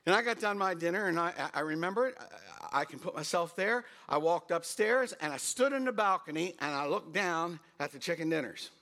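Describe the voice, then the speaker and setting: A middle-aged pastor tells stories from the pulpit with animation, humming tunes and raising his voice to stress points. He sounds a little high and brisk, with few pauses.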